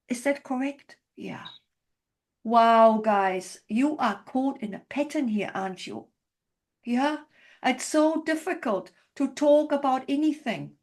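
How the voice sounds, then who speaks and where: A woman therapist leads a group demonstration slowly and deliberately, pausing to check her understanding. Her voice sits fairly high, and her tone stays gentle and validating throughout. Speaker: couples therapist.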